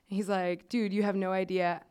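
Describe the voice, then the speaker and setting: A woman's voice: mid-range voice, little pitch movement, moderate pace, a little mellow, smooth. A woman podcast host telling a story in casual chat, chatty and swearing freely, with lots of "like" fillers.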